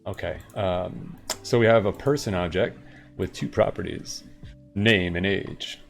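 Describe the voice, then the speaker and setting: A man's voice: sits low, unhurried, vocal fry, soft background music. A man streaming live coding, thinking aloud in a rambling, self-amused way. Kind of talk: casual coding chat.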